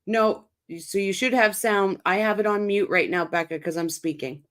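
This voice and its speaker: A woman hosting a live commentary stream in an everyday, middle-pitched voice. She talks bluntly and swears freely, fired-up and scornful. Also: moderate pace, fairly bright tone. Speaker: livestream host. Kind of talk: casual commentary over press clip.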